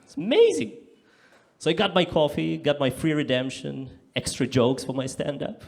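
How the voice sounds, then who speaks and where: A man performing live stand-up comedy on a club stage, delivering deadpan punchlines and bursting into loud acted-out voices. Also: a little high, moderate pace, gravelly.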